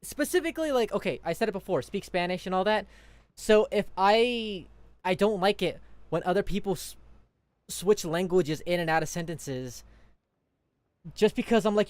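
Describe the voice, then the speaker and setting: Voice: mid-range voice, moderate pace, dry recording. A gaming YouTuber chatting casually over gameplay, rambling off on tangents and laughing often.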